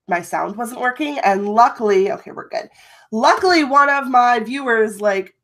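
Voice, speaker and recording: Brief: Midwestern woman, thirties, chatty live-stream host, animated storyteller, home video call. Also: mid-range voice. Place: home room.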